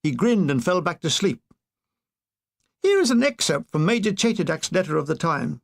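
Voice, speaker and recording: Man reading a memoir with deadpan wit. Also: fairly high pitch, normal speed, gravelly. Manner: deadpan, playful punning delivery. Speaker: narrator. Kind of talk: reading a comic war memoir aloud.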